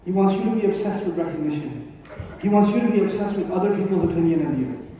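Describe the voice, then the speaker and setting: A man's voice: high voice, expressive, fast, mellow, recorded from a distance, slight background noise. A man giving a live religious talk to an audience, speaking emphatically with rhetorical questions and repetition. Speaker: Islamic speaker. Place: large event hall. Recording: echoey hall recording from afar, dull.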